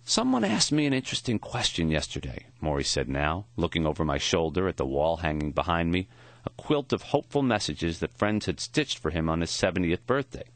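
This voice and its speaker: A man narrating an audiobook in a measured, expressive reading, recorded on a close studio mic. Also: deep voice, dry recording. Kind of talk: scripted narration.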